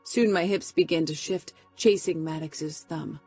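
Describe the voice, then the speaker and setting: A woman narrating a first-person romance audiobook in a steady, close delivery. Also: deep voice, unhurried, breathy edge, faint music behind.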